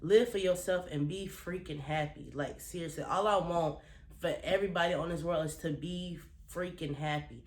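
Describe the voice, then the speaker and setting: A woman's voice: on the low side, normal speed, echoey room. A woman vlogger giving a blunt, profane, heartfelt motivational talk to her viewers, earnest and close to tears. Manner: emphatic, blunt and profane, repeating phrases for weight; earnest and emotional, holding back tears.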